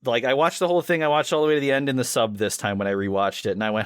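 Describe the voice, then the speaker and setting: An enthusiastic man co-hosting a casual chat podcast, now and then slipping into quick impressions of the lines he quotes. His voice sits at an ordinary middle pitch. The sound is dry and close, with no room around it. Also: smooth, dry recording. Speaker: podcast co-host.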